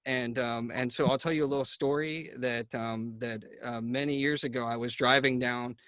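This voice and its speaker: A man's voice: mid-range voice, steady tone, normal speed, a bit bright, no echo. A man hosting a conversation, telling a long story with many fillers and restarts. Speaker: neurologist host. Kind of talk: casual video-call conversation.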